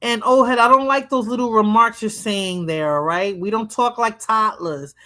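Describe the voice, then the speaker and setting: A woman's voice: on the high side, moderate pace, pushed and bright. A woman hosting a livestream, chatting bluntly about viral clips and saying "you know" a lot. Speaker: livestream host. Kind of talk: casual commentary on viral clips.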